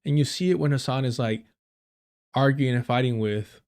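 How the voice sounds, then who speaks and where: A man's voice: mid-range voice, normal speed, darkish tone, smooth. A man doing casual live-stream commentary over clips, rambling and swearing, with many fillers.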